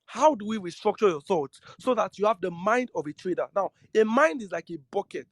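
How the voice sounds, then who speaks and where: This trading instructor talks to his students about the psychology of trading, his high voice animated and a bit quick. Earnest throughout, he repeats ideas and regularly quizzes his listeners. The sound is dry.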